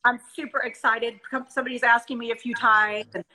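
A woman's voice: fairly high pitch, flat delivery, brisk, a crowd in the background, rough recording. A middle-aged woman hosting a Christian talk show, speaking with eager encouragement and acting out stories. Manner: enthusiastic, encouraging, reenacts stories. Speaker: host.

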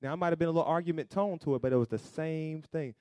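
A man preaching a sermon, asking the congregation for amens, swinging between loud emphatic peaks and low asides. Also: fast, clear, resonant tone, no echo, studio quality. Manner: call-and-response preaching, rising to loud emphatic peaks then dropping low; acts out quoted voices in asides. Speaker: pastor.

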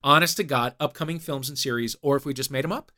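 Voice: mid-range voice, quick pace, bright, forceful tone. A quiz host on a comedic podcast, reading rounds with wry, playful jokes. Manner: wry, playful, jokey delivery.

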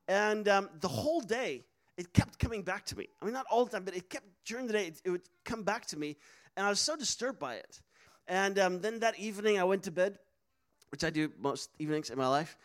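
A man's voice: high voice, a bit bright. A man preaching a sermon, telling a personal story earnestly with many fillers and restarts. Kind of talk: sermon testimony.

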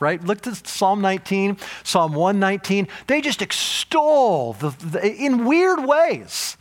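A man preaching a sermon as pastor, animated, rising for emphasis and then dropping low and soft.

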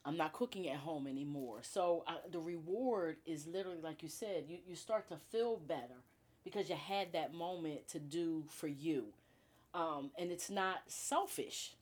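A woman's voice: fairly low pitch, measured pace. A woman guest chatting in an interview, often quoting herself and checking in with the listener. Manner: chatty, quotes herself, "you know what I mean". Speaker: guest, beauty bar co-owner. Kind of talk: casual interview talk.

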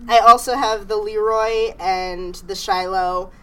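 A woman's voice: mid-range voice, fairly even intonation, unhurried, clean tone. A young woman co-hosting a podcast recorded live, talking frankly and chattily and laughing easily. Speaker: podcast co-host. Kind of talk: casual live podcast chat. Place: live event room.

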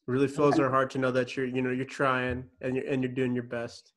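A man co-hosting a comedy podcast, deadpan and halting, often restarting his sentences. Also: mid-range voice. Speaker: podcast co-host. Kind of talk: casual comedy podcast chat.

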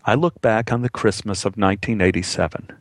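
A man telling a personal story as a monologue, with wry, dry humor and an unhurried manner. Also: fairly low pitch, dry recording.

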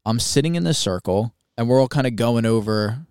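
A young man co-hosting a podcast, telling a story in a casual, animated, swearing way and acting out quoted voices. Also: mid-range voice, a little fast, clean tone, no room sound, studio quality. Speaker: podcast co-host.

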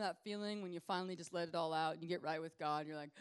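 Animated woman preaching casually. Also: on the low side, very fast, hardly any pauses, clean tone. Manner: animated, conversational, acts out scenes. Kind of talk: casual sermon.

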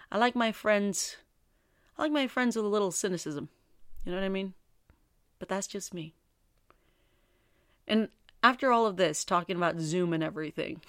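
A woman's voice: medium pitch, no echo. Candid woman podcasting in a dry room. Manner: candid, rambling, self-deprecating humor. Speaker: podcast host. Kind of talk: casual solo podcast chat.

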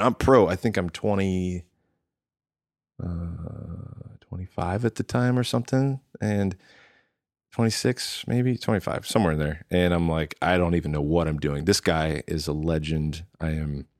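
A man's voice: low voice, no echo, studio quality. A man, a drummer and guest, telling a rambling story in casual conversation and acting out what people said to him. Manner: rambling, acts out quoted dialogue with restarts.

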